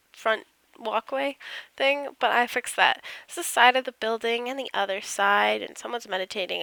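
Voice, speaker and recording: A woman's voice: a little high, vocal fry, pushed and bright, no room sound. A woman casually narrating over her game build, rambling and self-deprecating, yawning as she goes. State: tired, yawning.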